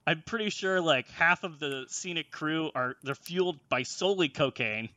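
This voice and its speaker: A man's voice: fairly high pitch, normal speed, dry recording. A man telling a workplace story on a casual chat show, swearing often and laughing as he goes. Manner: profane, animated, laughing while telling. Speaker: storyteller on a comedy podcast.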